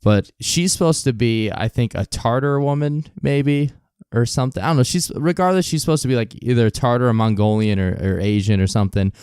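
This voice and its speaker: A man hosts a casual podcast, telling a story in a loose, profane way and laughing often. His voice is smooth and clear, with a middling pitch. The sound is dry and close to the mic. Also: a little fast, darkish tone, dry recording. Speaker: podcast host. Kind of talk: casual podcast chat, reading out a quote.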